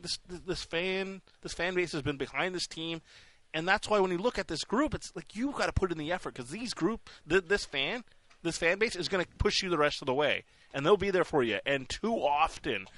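Host, male, post-game hockey chat, bright forceful tone, dry close mic. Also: fairly high pitch, fairly quick, no room sound. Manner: animated, restarts often, laughs while talking. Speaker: sports podcast host.

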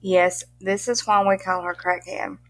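Speaking a little slowly in a fairly low voice with little pitch movement, a middle-aged woman from Mississippi chats as a guest in a casual interview. A pet content creator with a strong Southern accent, she laughs often and leans on country expressions.

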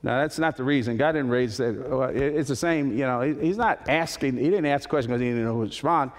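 Preaching man in a reverberant hall. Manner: preaching with sudden swells to high, loud climaxes and soft, slow drops. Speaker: pastor. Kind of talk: sermon.

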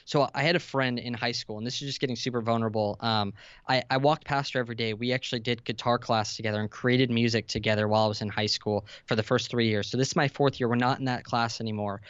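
A man's voice: mid-range voice, fairly even intonation, fast, a bit bright, smooth, no room sound, highs cut off. A man in his twenties, a podcast guest, telling a vulnerable personal story in an earnest way that rises to intense emphasis. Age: 20s. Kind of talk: emotional storytelling in conversation.

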